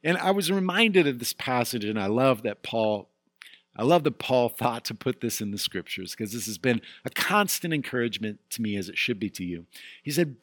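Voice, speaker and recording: A man's voice: medium pitch, expressive, normal speed, fairly bright tone, dry recording. A middle-aged pastor delivers a sermon in a candid, storytelling manner, now and then climbing to emphatic peaks. His voice sits mid-range for a man and the recording is close and dry.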